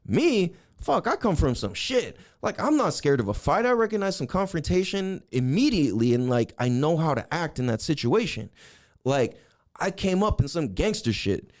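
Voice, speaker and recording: A man hosting a podcast, telling a heated story in a profane rant that swings between shouting and low mutters. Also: very animated, normal speed. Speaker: podcast host.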